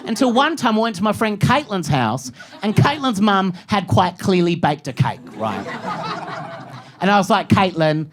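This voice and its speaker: A man's voice: high-pitched, very animated, moderate pace. A young Australian man with a chatty, self-mocking stand-up manner, dropping crude jokes and tagging his lines with "right?". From Phillip Island, Australia. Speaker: stand-up comedian. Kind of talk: stand-up comedy set. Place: comedy stage before a live audience. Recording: live stage recording with audience noise.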